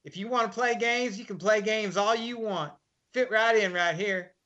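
A blunt, sarcastic prison nurse who scoffs at what she hears, as a man puts her on, her voice raised high above his own. The sound is slightly dull and lo-fi. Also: normal speed, bright, forceful tone. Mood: scoffing. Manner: sarcastic, dismissive.

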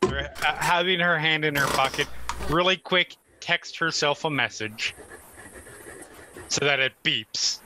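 A man playing a tabletop role-playing game, quickly and eagerly describing his character's actions. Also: fairly high pitch, background noise. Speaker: player.

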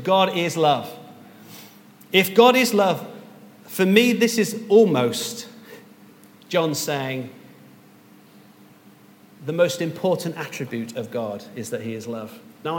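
A man's voice: fairly high pitch, long reverb tail, a little hiss or hum. A man preaching a sermon as pastor, earnest and rising to emphatic peaks.

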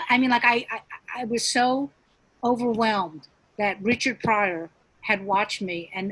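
A middle-aged woman comedian tells stories from her career in a loose, chatty way. Her voice is husky, and the sound is dry and close. She trips over her own starts and slips into quoted voices. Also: mid-range voice, fairly bright tone, no echo, low-quality recording. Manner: chatty, many restarts, acts out quotes. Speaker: stand-up comedian, interview guest. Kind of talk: casual interview storytelling.

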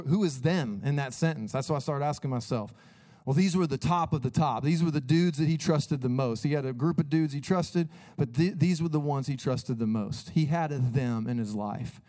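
A pastor preaching a sermon, talking casually and energetically and addressing the congregation directly. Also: male voice, a little high, normal speed, dark tone.

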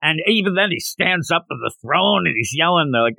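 Animated man retelling a story, lively pitch. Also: a little fast, gravelly, no room sound. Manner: animated, acts out characters while retelling. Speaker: podcast host. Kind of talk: casual manga review chat.

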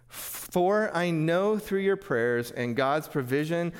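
Man, high register, sermon storyteller who trips over words; hall reverb trailing. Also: expressive, drawn-out words, clear, resonant tone. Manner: frequent stammering restarts. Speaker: pastor. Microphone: clip-on mic.

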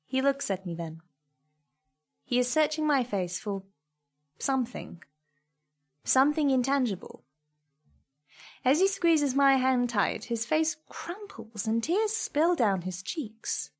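A woman narrates a first-person story in a soft, measured, reflective voice. She sits a little higher in pitch than most women and keeps an even, unhurried delivery.

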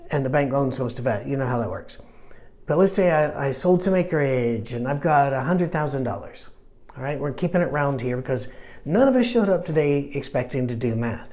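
A man's voice: medium pitch, a little mellow. Conversational male pastor preaching. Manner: conversational, self-deprecating with asides. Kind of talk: sermon.

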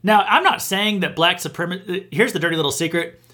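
A man's voice: sits high, fairly quick, pushed and bright. A man hosting a podcast, giving indignant news commentary with emphatic restarts. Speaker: podcast host.

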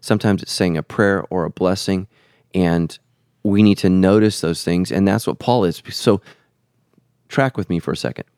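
A man with a very low voice talks as a pastor and podcast host, earnest and preacherly. He leans on repeated phrases to press his point. The sound is close and dry, with no room around it. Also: normal speed, darkish tone, no echo. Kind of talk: conversational podcast teaching.

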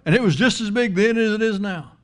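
Male preacher with a fairly high voice, conversational sermon delivery, lots of repeats and rhetorical questions. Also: quick pace, a bit bright.

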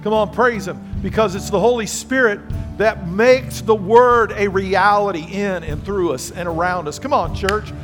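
An older man preaching a sermon as pastor, lively and conversational, calling on the congregation to respond. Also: sits high, normal speed, few pauses, over music. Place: church sanctuary.

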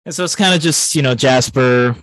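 A man's voice: mid-range voice, fairly quick, a bit bright, no room sound, poor audio. A man co-hosting a podcast, chatting casually about a film and rambling with many fillers and restarts. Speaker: podcast co-host.

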